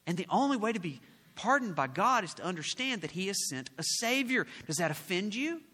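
High bright-voiced preacher man, reverberant hall. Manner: animated, asks the congregation questions. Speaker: pastor. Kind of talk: sermon.

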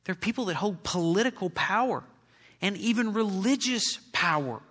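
Male pastor preaching, bright forceful voice, fairly high pitch, long hall reverb. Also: lively intonation, moderate pace, breathy edge. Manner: preaching with rising emphatic peaks. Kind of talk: sermon.

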